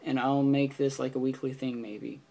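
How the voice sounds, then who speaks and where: Gravelly-voiced teenage guy rambling on. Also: medium pitch, level tone, moderate pace, darkish tone, a little hiss or hum. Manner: rambling, with frequent fillers and restarts. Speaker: vlogger. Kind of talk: casual storytelling vlog.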